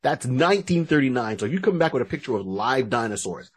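A man's voice: mid-range voice, fast talker, husky. A man co-hosting a podcast, chatting casually about a movie and acting out its dialogue. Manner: lively, acts out movie dialogue. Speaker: podcast co-host. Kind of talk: casual chat.

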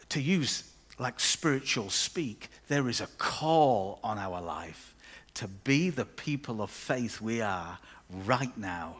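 A man delivers a sermon from the front of his church. He talks in an easygoing, conversational way at a mid pitch, slipping in playful asides between points. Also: lively intonation, slow pace, hardly any pauses, a bit bright, slightly rough. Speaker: pastor.

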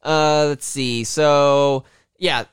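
A man casually recapping a film in a rambling, profane way, often slipping into quick quoted voices of the characters. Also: fairly high pitch, fairly even intonation, clear, resonant tone, dry recording, clean studio sound.

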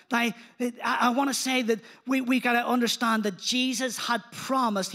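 A man preaching a sermon in church, animated and engaging the congregation, retelling scripture in casual speech. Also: sits high. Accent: non-local accent.

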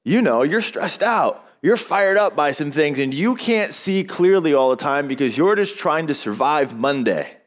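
A man's voice: on the high side, animated, normal speed, few pauses. A male pastor delivering a sermon in a conversational way, asking rhetorical questions and acting out short quotes.

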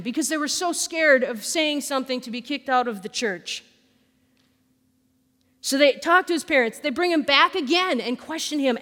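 A woman with a high voice preaches a sermon in a church. She tells the story with lively energy and acts out each quote. Her voice rings with long reverb in the big sanctuary. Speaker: pastor.

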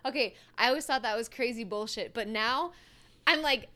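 A woman co-hosting a podcast in casual chat, animated and emphatic, swearing freely. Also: fairly high pitch, moderate pace. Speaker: podcast co-host.

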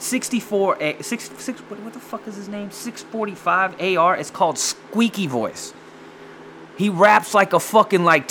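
A man chatting casually and profanely as he reacts to music, excitable and rambling. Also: high-pitched, slight background noise. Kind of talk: casual chat.

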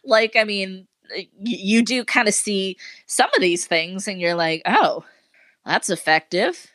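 A chatty woman co-hosting a podcast, talking casually and tossing in wry asides. Her voice sits at an ordinary middle pitch. The sound is dry and close, with no room echo. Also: measured pace, fairly bright tone. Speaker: podcast co-host. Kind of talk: casual chat.

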